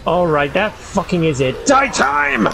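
A man playing a co-op game, excited and swearing. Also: high-pitched, measured pace, gravelly, over music. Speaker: gamer playing co-op. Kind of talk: casual gaming chat.

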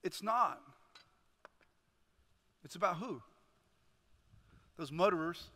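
A male chaplain preaches with lots of energy and keeps checking in with his listeners. His voice sits high and bright, almost sharp. Long reverb from the church hall trails after each phrase. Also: slow. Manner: animated, calls to the congregation with "right?". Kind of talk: energetic sermon retelling a parable. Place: church sanctuary.

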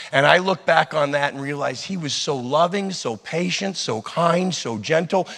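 A man preaching a sermon, telling a personal story in an animated way that swings between loud and hushed. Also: fairly high pitch. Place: church hall. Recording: long hall reverb.

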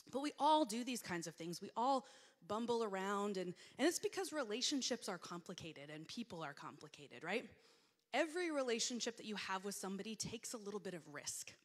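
A middle-aged woman giving a conversational sermon, telling self-deprecating stories and acting out her own reactions. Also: medium pitch. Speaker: preacher. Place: church sanctuary. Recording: long hall reverb.

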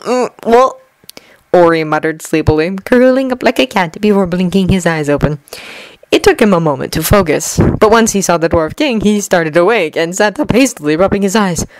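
Lady reading a fanfic story, lowish voice, gentle and even, real dry close mic. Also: fairly quick, dry recording, poor audio. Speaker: fanfiction reader. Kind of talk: storybook narration with lightly acted dialogue.

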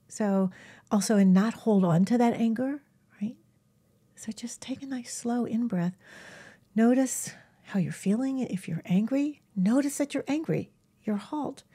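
Gentle female animal healer, somewhat high voice, warm and hushed, casual advice to camera. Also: slightly rough. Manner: gentle, often drops to a soft whisper. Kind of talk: casual self-help talk to camera.

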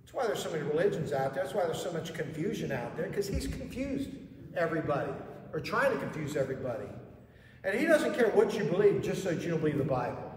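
A man's voice: on the high side, very animated, quick pace, far from the mic. Preaching man in an echoey hall. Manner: preaching with rising emphasis and rhetorical questions. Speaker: pastor. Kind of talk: sermon. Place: church sanctuary.

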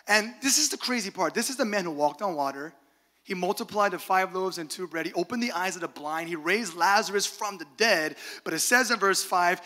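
A man preaching a sermon, telling lively stories with laughs and quoted asides. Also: high-pitched, a little fast, in a large hall. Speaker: pastor. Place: church sanctuary.

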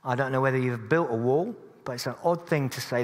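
A man preaching to his congregation, earnest and steady at a middling pitch, slipping in dry jokes at his own expense. His voice rings out into a church with a long, lingering reverb. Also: fairly quick. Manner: earnest, with dry humorous asides. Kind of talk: sermon.

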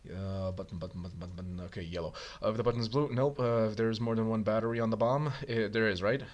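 A man reading a bomb manual aloud in a casual co-op game, hurried and muttering. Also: on the low side, muffled recording. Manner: hurried, mutters while searching, bursts into laughter. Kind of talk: casual gaming chat.

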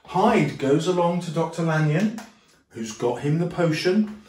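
A man teaches in a bouncy, animated voice that sits a little high and climbs and falls all the time. He jokes and slips into quick funny voices as he explains. He sounds a step away from the mic, and the room around him rings. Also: roomy sound, far from the mic, a little hiss or hum. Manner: animated, jokey, acts out quotes in funny voices. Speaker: English teacher. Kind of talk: lively lesson with acted-out voices.

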